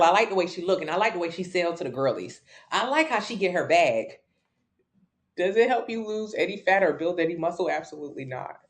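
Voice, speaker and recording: A woman fitness coach, answering viewers' questions on a casual livestream in a blunt, brash, jokey way. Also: fairly low pitch.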